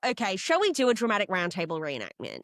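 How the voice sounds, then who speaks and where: A young Australian woman co-hosting a casual recap chat, animated and gossipy, often slipping into comic voices. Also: medium pitch, quick pace, dry recording, clean studio sound. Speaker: podcast co-host.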